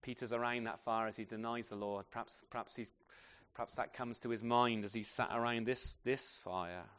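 A man preaching a sermon to a congregation with children, asking tag questions and swinging from loud emphasis to soft, quiet phrases. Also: mid-range voice, moderate pace, clean tone. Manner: animated, asks tag questions often.

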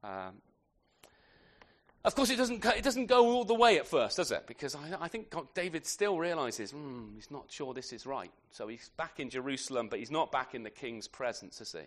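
A man's voice: a little high, sing-song, fairly bright tone. Tag-questioning man preaching a sermon. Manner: conversational, asks tag questions; halting restarts, repeated words. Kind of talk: expository sermon.

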